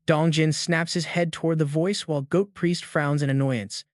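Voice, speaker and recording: A male narrator tells a comic's story in steady, dramatic scripted narration. His voice sits a little high. The recording is dry, with no room sound around it. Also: normal speed, no room sound.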